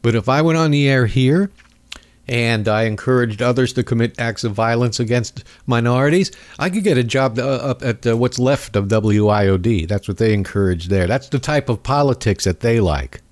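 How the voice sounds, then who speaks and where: A man's voice: mid-range voice, normal speed. A man hosting a talk radio show, talking in a rambling, sarcastic way with mocking asides. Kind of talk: casual political talk radio monologue. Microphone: studio microphone.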